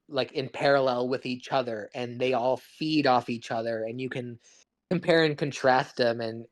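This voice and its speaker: Male podcast co-host, middle pitch, loose enthusiastic film chat, profane and rambling. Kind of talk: casual chat.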